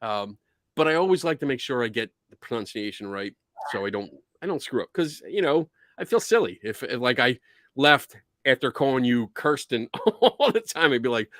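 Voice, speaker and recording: A man with a Philadelphia accent hosting a casual live-stream chat, excitable, laughing often and swearing casually. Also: medium pitch, moderate pace, dry recording, studio quality. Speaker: host.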